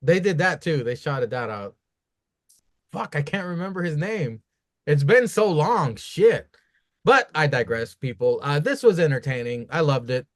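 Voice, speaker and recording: A man co-hosting a casual wrestling review podcast, talking in a profane, animated, rambling way. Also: fairly high pitch, measured pace. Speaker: podcast co-host.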